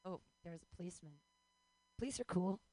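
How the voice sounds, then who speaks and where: A woman in her forties doing a rambling, self-deprecating stand-up comedy set, breaking into sudden high yelps and laughter. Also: fairly quick, dark tone, no room sound. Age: 40s.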